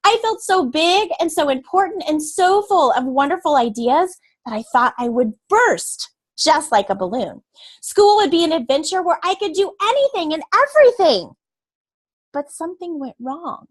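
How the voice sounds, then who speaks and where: A woman's voice: very high-pitched, big pitch swings, normal speed, pitched above the performer's own voice. A woman voicing a chatty young schoolgirl who narrates a storybook in an eager, confiding way. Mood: wistful storytelling. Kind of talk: storybook read-aloud.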